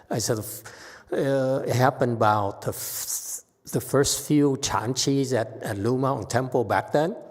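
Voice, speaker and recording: A man giving an informal Dharma talk as a Buddhist teacher, halting and often checking in with "okay?". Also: mid-range voice, darkish tone. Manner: slow, halting, frequent "okay?" tags. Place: temple hall.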